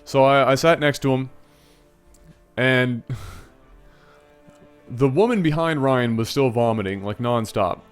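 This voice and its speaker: A man casually telling a long story to his viewers, animated and rambling. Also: mid-range voice, slow pace, long pauses, smooth, faint music behind. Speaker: storytelling video host.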